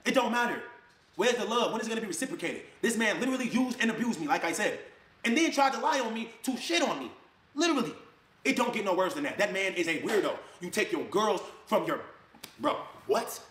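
Man, high fast voice, heated rant, echoey room. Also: animated. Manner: fired up, swings between loud jabs and low mutters, mocks others' voices. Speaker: online video creator.

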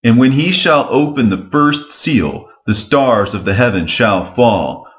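A man reading an ancient scripture aloud in a slow, measured and grave manner. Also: medium pitch, animated, a bit bright. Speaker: scripture reader.

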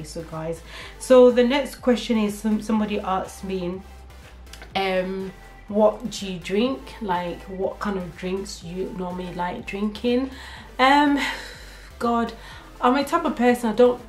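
A young woman vlogger answering viewer questions in a casual, candid chat, a little nervous about talking about herself. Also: mid-range voice. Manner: chatty and candid, laughs often, many fillers. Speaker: beauty vlogger. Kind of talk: casual get-to-know-me Q&A. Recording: echoey room with faint music.

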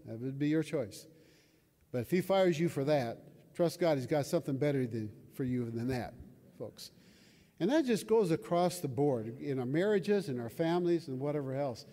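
A man's voice: fairly high pitch, expressive, moderate pace, dark tone. An older man preaching a sermon in a conversational way, often asking his listeners questions. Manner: conversational, asks the audience questions. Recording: long hall reverb.

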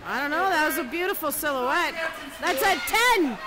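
A woman's voice: high-pitched, fairly quick, a crowd in the background, noisy background. A woman watching a hockey game from the stands, cheering and teasing the players by name. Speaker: spectator. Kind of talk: sideline cheering and commentary.

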